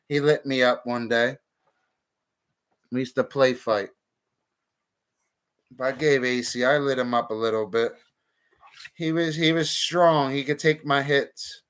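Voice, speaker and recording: A man's voice: mid-range voice, steady tone, unhurried, pauses often, fairly bright tone, clean tone. A man streaming a casual monologue, talking bluntly and profanely with heated outbursts.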